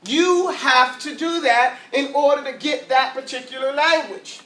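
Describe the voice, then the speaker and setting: In an unhurried manner, a man with a bright, high voice runs his Arabic lesson, drilling sounds aloud and asking the group questions in a lively way. The distant mic captures plenty of classroom echo.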